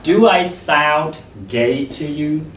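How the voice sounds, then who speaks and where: A man giving a public talk to an audience about voice, speaking in a slow, measured, expressive way. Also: a little high, background noise. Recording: echoey hall, distant mic.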